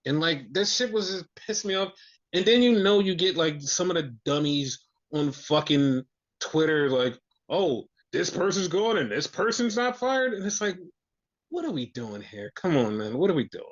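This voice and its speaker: A man's voice: a little high, animated, normal speed. A man hosting a podcast, ranting in casual chat with frequent profanity and exasperation. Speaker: podcast host. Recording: dull lo-fi audio.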